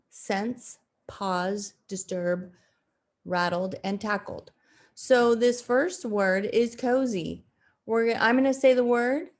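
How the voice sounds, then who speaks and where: A woman teaching second graders in a recorded video lesson, speaking deliberately with frequent fillers and restarts. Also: medium pitch, darkish tone. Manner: slow, deliberate, with frequent fillers and self-corrections.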